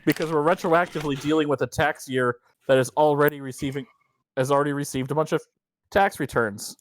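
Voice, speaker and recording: A man's voice: fairly high pitch, steady tone, brisk, dry recording. A man co-hosting a podcast, chatting in an offhand, meandering way and swearing casually. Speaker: podcast co-host.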